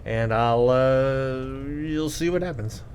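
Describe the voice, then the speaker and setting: A man's voice: medium pitch, slow, darkish tone, a little hiss or hum. A man hosting a let's play, giving gameplay commentary in a self-deprecating, exasperated way.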